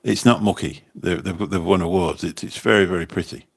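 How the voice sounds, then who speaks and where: Low-voiced chatty man. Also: a little fast, creaky, husky. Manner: rambling, chatty, repeats words. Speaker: livestream host and taxi driver. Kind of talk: casual livestream chat reading comments. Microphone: phone.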